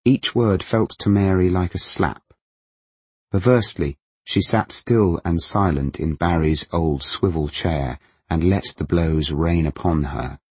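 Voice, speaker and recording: A man narrating a novel in a measured, even manner. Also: low voice, breathy edge, no echo. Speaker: audiobook narrator.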